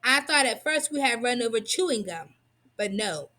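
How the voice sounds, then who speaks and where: A woman reading a tall-tale children's book aloud in an expressive, lively storytelling manner. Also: a little high, normal speed. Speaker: reader.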